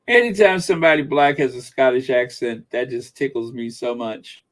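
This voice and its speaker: Slow, musing male stream host. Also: mid-range voice. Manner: unhurried, musing, with frequent fillers and restarts. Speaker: channel host reading viewer comments. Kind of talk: casual live-stream chat.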